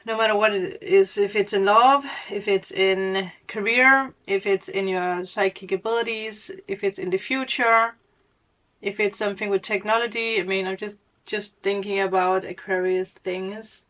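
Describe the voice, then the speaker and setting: A woman's voice: mid-range voice, steady tone, moderate pace, a bit bright, muffled recording. A woman giving a casual spiritual reading as a tarot reader, rambling, laughing often and correcting her own words. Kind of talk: casual spiritual guidance monologue.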